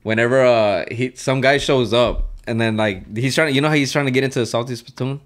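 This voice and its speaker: A man's voice: mid-range voice, fairly quick. A man co-hosting a podcast in casual chat, telling rambling stories in a laid-back way. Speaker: podcast co-host.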